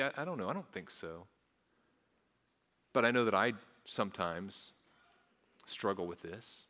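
A man's voice: mid-range voice, bright, forceful tone, in a large hall. A man, a pastor, preaching a sermon earnestly, often repeating his words as he goes. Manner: earnest, repeats words, acts out voices of onlookers.

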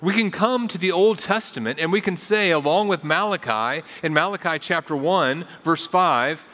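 Male pastor, slightly higher-pitched voice, casual storytelling sermon, echoing church sanctuary. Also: moderate pace, pushed and bright. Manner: conversational storytelling preaching, repeats phrases for emphasis. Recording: long hall reverb.

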